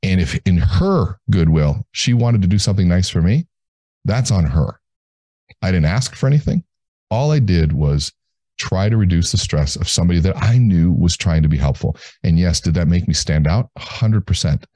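A man, a guest in an interview, telling a story in a measured way and slowing down to stress his points. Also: deep voice, animated, dark tone, no echo.

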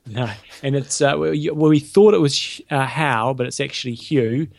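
A man who coaches triathlon co-hosting a casual podcast, talking in halting, restarting phrases. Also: mid-range voice, gravelly, no room sound, clean studio sound. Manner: halting, restarts words often.

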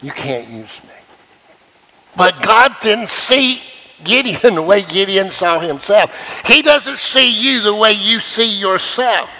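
A male pastor preaching a sermon with emphatic delivery, repeating phrases for stress and dropping to hushed asides. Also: high-pitched, rough recording.

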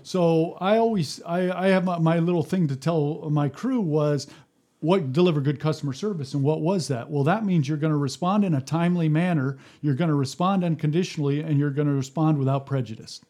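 Chatting on a casual podcast, a man who once led a fire service tells job stories, acting out quotes and restarting sentences often. He talks on the high side with a dark tone, briskly and with few pauses.

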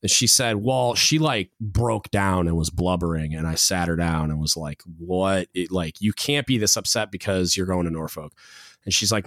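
Man, podcast host, lowish voice, dry close sound, relaxed storytelling. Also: normal speed, no echo. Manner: relaxed storytelling with fillers, drops low when quoting others. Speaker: podcast host, Navy chief. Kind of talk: casual chat.

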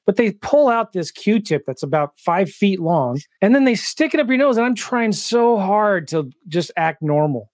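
A man hosts a podcast in a relaxed, chatty way, trading questions and personal stories with his guest. His voice sits a little above the usual male pitch and sounds dry and close, with no room around it. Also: moderate pace, few pauses, dry recording. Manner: chatty storyteller, leads the questions. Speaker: podcast host. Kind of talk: casual podcast interview.

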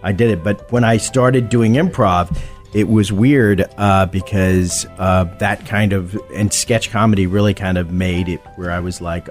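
A man with a very low voice chats easily about his comedy start. His stories ramble along, full of pauses, over faint music. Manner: relaxed, rambling, with many fillers. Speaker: comedian and voice actor, interview guest. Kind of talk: casual interview chat.

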